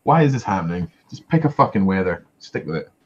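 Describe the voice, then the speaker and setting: A Scottish man with a lowish voice tells animated, swear-filled stories in casual chat. The recording is a bit muffled and lo-fi. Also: fast, husky. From Scotland. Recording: slightly muffled lo-fi audio.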